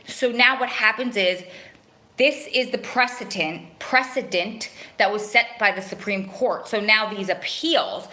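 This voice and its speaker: A woman with a bright, forward voice talks straight to her viewers on a live stream. Her speech is earnest and rambling, full of restarts and self-corrections, and she often stops to read out comments from the chat. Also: mid-range voice, unhurried. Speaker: host of a live stream for prison wives.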